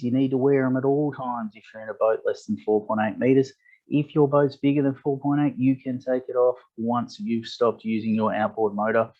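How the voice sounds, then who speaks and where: A man delivers a fishing tournament briefing in a low voice. He reads the rules and lists in a matter-of-fact way, with small fillers along the way. The audio is dull and lo-fi. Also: darkish tone. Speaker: tournament director.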